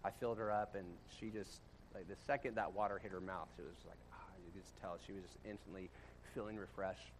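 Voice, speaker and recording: A male pastor giving a casual storytelling sermon to a congregation, talking conversationally and swinging from loud bursts to quiet, low passages. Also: steady tone, fast talker, slight background noise. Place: church room with a congregation.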